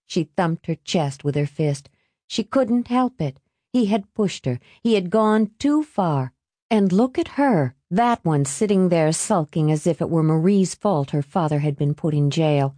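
A woman narrating a novel aloud with steady, expressive reading. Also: on the low side, unhurried, no room sound. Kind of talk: audiobook narration.

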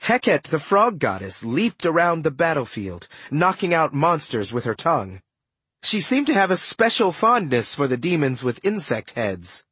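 Animated male audiobook narrator. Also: a little high, normal speed, husky, dry recording. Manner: animated, expressive storytelling. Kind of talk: first-person audiobook narration.

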